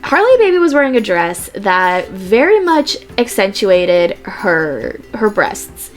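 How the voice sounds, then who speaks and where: A woman's voice: mid-range voice, takes it slowly, soft background music. Chatty young woman telling stories. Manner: chatty storytelling, quoting people in lively voices. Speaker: vlogger. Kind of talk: casual chat to camera.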